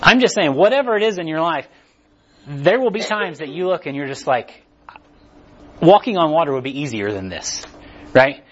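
A man's voice: fairly high pitch, moderate pace, long pauses, lo-fi sound. A man preaching a casual, conversational sermon, acting out what people tell themselves. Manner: casual, animated, acts out inner voices.

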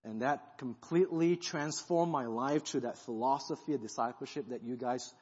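A guest pastor, a man, giving an animated sermon testimony and acting out the thoughts he is retelling. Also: medium pitch, moderate pace, slightly rough. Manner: animated storytelling, acts out quoted thoughts. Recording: dull sound in a reverberant hall.

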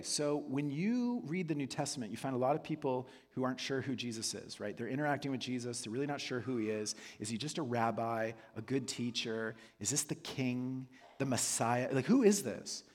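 Husky-voiced man preaching in a reverberant hall. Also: mid-range voice. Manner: conversational, asks the room "right?" often. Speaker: pastor. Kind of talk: sermon. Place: church hall. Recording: long reverb of a large hall.

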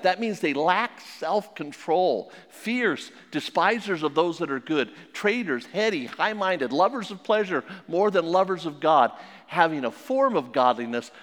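A man preaching a sermon as pastor, emphatic, swinging between loud and hushed. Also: a little high, in a large hall.

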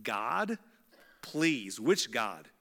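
A man's voice: mid-range voice, big pitch swings, very slow, creaky, pushed and bright, big-room sound, voice pushed down, exaggerated voice. A man playing an arrogant ancient king who mocks and dismisses his slaves in casual modern slang. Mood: scornful. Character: scornful arrogant male pharaoh, ancient king.

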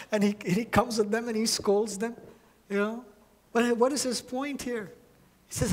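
A male pastor delivering an impassioned sermon, with a voice pitched a little above most men's. He drops to soft, low phrases, then lifts to raised lines and repeats words for emphasis. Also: moderate pace, slightly rough.

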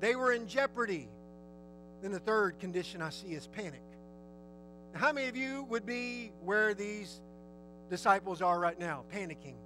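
Bright, high-voiced preacher. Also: male voice, moderate pace, pauses often, faint music behind, poor audio. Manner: lively, storytelling, asks the audience questions. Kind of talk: sermon.

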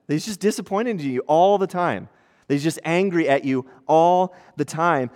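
Man preaching in a reverberant hall. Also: fairly high pitch. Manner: conversational preaching, shifting from hushed to animated. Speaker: pastor. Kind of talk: sermon.

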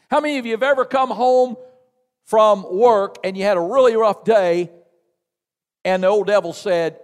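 A man with a Southern American accent preaching an emphatic sermon as a missionary, calling out to the congregation and building toward near-shouts. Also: high-pitched, moderate pace. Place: church sanctuary. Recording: long hall reverb in a church.

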